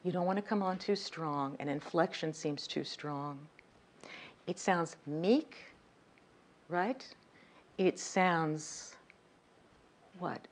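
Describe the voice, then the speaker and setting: Woman coaching a room on speaking, lowish voice, punchy emphasis, asks the crowd stuff. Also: slow pace, long pauses. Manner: emphatic, demonstrative, direct with audience. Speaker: communication coach. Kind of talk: workshop lecture. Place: lecture room.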